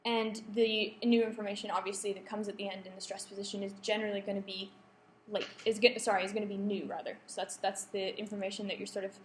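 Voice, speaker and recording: A woman's voice: mid-range voice, little pitch movement, fast talker, hardly any pauses. A woman giving a lecture to students, often checking in with the room and polling the audience. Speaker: workshop presenter. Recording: echoey room, faint background hum.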